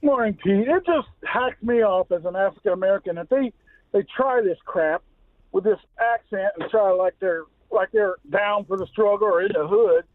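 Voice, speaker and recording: Male caller, blunt, indignant, high-pitched, thin phone line. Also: moderate pace, no echo. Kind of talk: call-in radio comment. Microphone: telephone.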